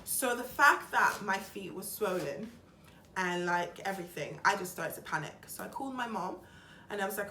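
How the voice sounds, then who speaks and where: A young woman tells her story to the camera in a chatty, dramatic way, slipping into quoted voices as she goes. Her voice sits at an average pitch. The room echoes noticeably, with a faint hum behind her. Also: lively intonation, a little fast, gravelly. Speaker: vlogger. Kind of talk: personal storytelling vlog. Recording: roomy echo with faint background hum.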